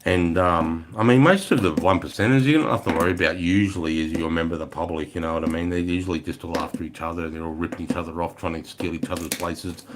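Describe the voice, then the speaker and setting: A man's voice: sits low, steady tone, fast, hardly any pauses, background noise. An Australian man telling a rambling, profane story to his live chat. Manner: profane, rambling, swears constantly. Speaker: livestreamer.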